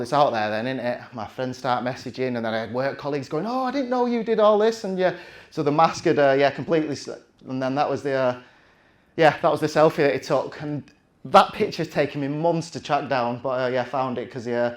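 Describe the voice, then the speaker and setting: A man's voice: medium pitch, fairly quick. A man, telling a chatty, self-mocking story from the stage with plenty of restarts. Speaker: conference speaker.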